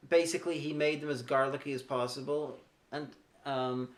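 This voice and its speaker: A man's voice: medium pitch, steady tone, normal speed. A man co-hosting a podcast, chatting casually and enthusiastically about a trip. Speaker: podcast co-host. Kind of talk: casual chat.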